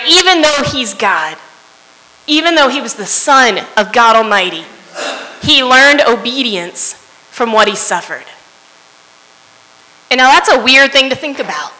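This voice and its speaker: A woman's voice: high voice, lively intonation, unhurried, long pauses, bright, forceful tone. A woman preaching a sermon in an earnest way, often asking her listeners "right?" as she goes. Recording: long hall reverb.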